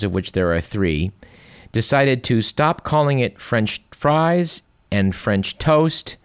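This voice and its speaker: A man's voice: lowish voice, no room sound, clean studio sound. A man hosting a radio show, chatting wryly and reading listener emails aloud. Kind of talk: casual radio commentary.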